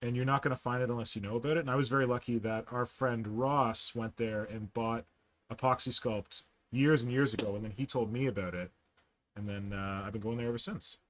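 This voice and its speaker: Chatty man hosting a casual video call. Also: medium pitch. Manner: chatty, animated storyteller with quick asides. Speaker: podcast host. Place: in Toronto.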